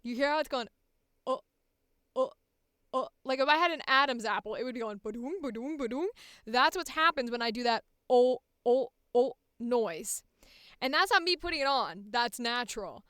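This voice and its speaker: Close on a studio mic, a Midwestern voice actor chats candidly on a livestream, profane and self-mocking. Her high voice is animated and brisk, with a sharp, clear, resonant tone in a dry recording.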